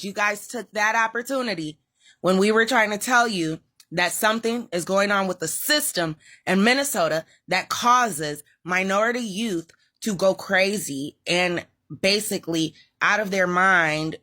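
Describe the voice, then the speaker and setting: A woman's voice: fairly low pitch, pushed and bright. A woman in a casual rant to camera, lecturing and reproachful.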